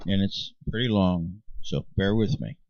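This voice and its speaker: A man's voice: sits low, a little slow, heavy background noise. A man delivering an impassioned, insistent monologue to his viewers, often restarting his sentences. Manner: emphatic and insistent, with frequent restarts. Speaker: channel host. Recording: dry, dull lo-fi sound.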